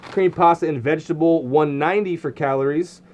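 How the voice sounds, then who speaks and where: A man talks through an unboxing of camping gear in a loose, rambling way, full of fillers and restarts. His voice sits a little high for a man. A faint hiss runs under the recording. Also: fairly quick, darkish tone, highs cut off. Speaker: outdoor gear reviewer. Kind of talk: casual unboxing commentary.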